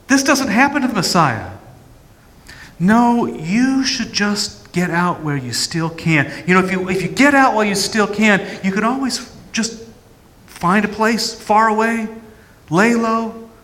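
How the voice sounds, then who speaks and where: A pastor voicing a scornful accusing inner voice that taunts and mocks, in a reverberant church. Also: male voice, sits high, animated, measured pace, fairly bright tone, pitched above the performer's own voice. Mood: taunting. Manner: taunting, mocking.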